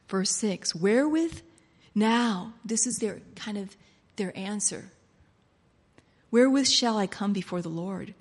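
A woman preaching a passionate sermon, swinging between soft, intimate lines and loud exclamations. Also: mid-range voice, expressive, a little slow, long pauses.

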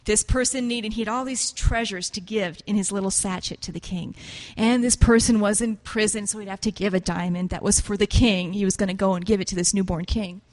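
A woman preaching with earnest emotion, retelling a story in a tearful voice that drops to a hush and rises loudly again. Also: medium pitch, steady tone, fairly quick. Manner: tearful, earnest, swings from hushed to loud.

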